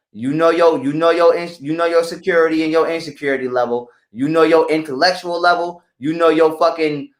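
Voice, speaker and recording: High-voiced guy going off blunt and preachy on a live stream, cussing a lot, echoey room. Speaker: podcast guest. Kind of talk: casual live-stream talk.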